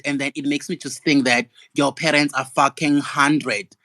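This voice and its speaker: A man's voice: a little high, fairly even intonation, normal speed, pushed and bright, no echo. A young man, ranting indignantly and profanely in a gossip vlog. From South Africa. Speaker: gossip vlogger. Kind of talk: angry ranting monologue.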